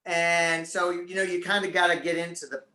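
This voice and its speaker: A man's voice: sits high, monotone, fairly quick, pushed and bright, reverberant. A man as a guest on a talk show, chatting casually and animatedly about his career. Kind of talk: casual interview chat.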